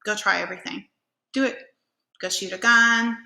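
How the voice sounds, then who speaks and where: A woman with a creaky, bright, forceful medium-pitched voice hosts a podcast, keeping a fairly even intonation at a moderate pace. Her casual motivational monologue is animated and filled with personal stories and fillers. The recording has an echoey room sound.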